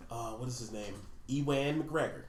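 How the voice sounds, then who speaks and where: A man co-hosting a podcast in casual chat, swearing freely and laughing loudly. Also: medium pitch, moderate pace, crowd noise. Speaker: podcast co-host. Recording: roomy echo.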